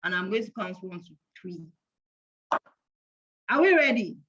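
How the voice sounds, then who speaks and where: A woman's voice: mid-range voice, animated, a little slow, a bit bright, breathy edge. A woman, hosting an online parenting event in a playful, chatty way, counting aloud and teasing the audience. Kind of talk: lively live-stream quiz hosting. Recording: dull lo-fi online stream audio.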